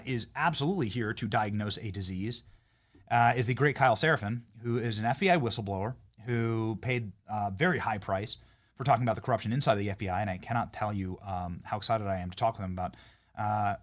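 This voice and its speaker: A man from Iowa hosting a political talk show, reading an ad and joking with a guest in an animated way. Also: lowish voice, fast. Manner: animated, jokey, trailing restarts. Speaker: host. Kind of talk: podcast ad read and interview.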